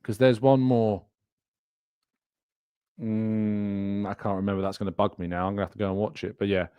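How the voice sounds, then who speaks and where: Speaking at normal speed in a lowish, smooth voice with flat delivery, an Englishman hosts a live fan stream, rambling, chatting and laughing often as he reads viewer comments. The recording is echo-free but muffled.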